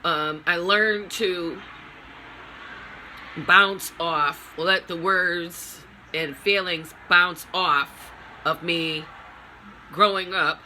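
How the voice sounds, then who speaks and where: Grieving middle-aged woman for a personal vlog. Slow, halting delivery, very bright edge to the voice. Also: on the low side, fairly even intonation, a little hiss or hum. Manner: halting, raw, speaks in broken phrases. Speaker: vlogger.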